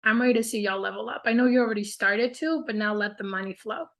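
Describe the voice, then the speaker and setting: A woman's voice: medium pitch, fast, a bit bright. A woman hosting a casual group coaching call, upbeat and encouraging, with a lot of "like" and "y'all".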